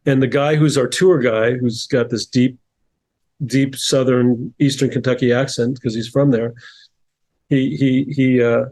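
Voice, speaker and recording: A man's voice: mid-range voice, fairly even intonation, measured pace, darkish tone. A middle-aged man from New Jersey, a guest telling stories in a casual interview, thoughtful, with frequent restarts and repeated words. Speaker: podcast guest, author and coach.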